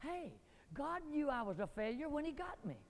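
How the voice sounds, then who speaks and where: A man preaching a dramatic sermon, acting out biblical figures and climbing to near shouts. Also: very high-pitched, sing-song, moderate pace, a little hiss or hum. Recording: long hall reverb.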